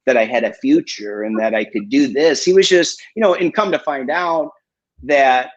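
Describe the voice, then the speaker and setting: Man, husky voice, candid and profane, dull lo-fi stream audio. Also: medium pitch, normal speed. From Michigan, USA. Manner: candid and profane, with many fillers. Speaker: guest coach. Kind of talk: casual storytelling in a live interview.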